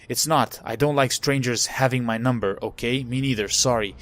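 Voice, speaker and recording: A man's voice: mid-range voice, moderate pace, a bit bright. A man playing a story game for a let's play video, reading the on-screen texts aloud with casual asides and fillers.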